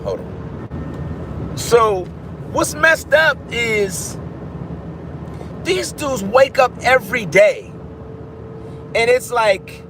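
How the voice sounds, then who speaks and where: A man giving casual commentary to his viewers, rambling and animated, often breaking off mid-thought and restarting. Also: very high voice, slight background noise. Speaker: vlogger.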